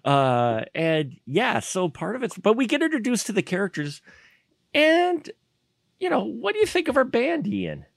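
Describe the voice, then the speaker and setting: A man co-hosting a casual podcast, excitedly recapping a bad movie scene by scene and laughing often. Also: high-pitched, normal speed, vocal fry. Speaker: podcast co-host.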